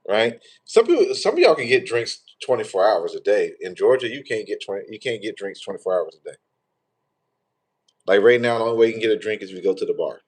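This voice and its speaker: A man's voice: on the low side, very animated, quick pace, husky. A man, hosting a tarot livestream in rambling, profane, joking casual chat.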